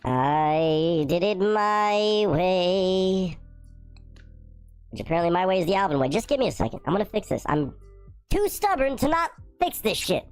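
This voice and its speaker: A man through a squeaky chipmunk filter. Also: very animated, fast talker, creaky, faint music behind, heavily acted. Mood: squeaky, annoyed. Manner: frustrated, joking about the glitch. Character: his own chatter turned into a squeaky chipmunk voice. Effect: high-pitched chipmunk voice filter.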